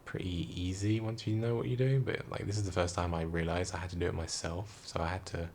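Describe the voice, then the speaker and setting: A tired young man, quietly rambling through a casual story late at night in a vlog. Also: deep voice, steady tone, fairly quick, a little hiss or hum. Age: young adult. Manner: hushed, quiet, rambling talk. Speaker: vlogger. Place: room indoors at night.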